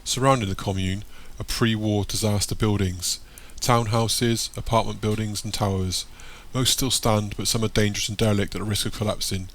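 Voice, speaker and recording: A man narrating an audiobook in a plain, steady reading voice. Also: fairly low pitch, normal speed, few pauses.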